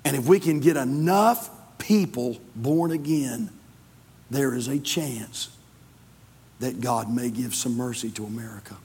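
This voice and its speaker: A man, a pastor preaching a sermon in a church, swinging between loud fervor and hushed tones. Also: mid-range voice, unhurried, slightly rough, in a large hall. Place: church sanctuary.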